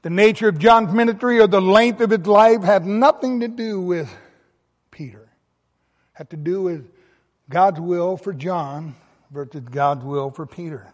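A man's voice: high voice, unhurried, big-room sound. A man preaching a sermon, reading scripture aloud and stressing key words with emphasis. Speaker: pastor.

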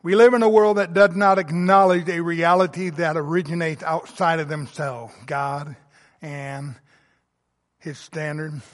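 A man's voice: a little high, fairly even intonation, measured pace, big-room sound. A male pastor preaching a sermon with emphatic, rising and falling delivery. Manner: emphatic preaching, swelling to loud emphasis then dropping soft.

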